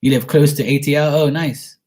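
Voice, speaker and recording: A man's voice: on the high side, fairly even intonation, fairly quick, darkish tone. A man from Bermuda chatting casually as he answers viewer messages, rambling and laughing at himself. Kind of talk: casual live chat reading.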